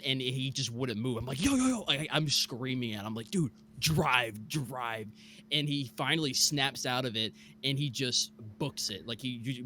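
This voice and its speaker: A young man from Mississippi telling a scary true story on a podcast, animated and full of fillers. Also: medium pitch, slight background noise. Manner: animated, many fillers like "like" and "bro". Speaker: guest storyteller.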